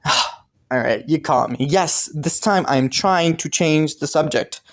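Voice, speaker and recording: Killua, a man voicing a slow-spoken tender boyfriend. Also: fairly high pitch. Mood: tender teasing. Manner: soft, sighing, breathy little laughs. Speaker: voice actor. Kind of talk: romantic listener role-play audio.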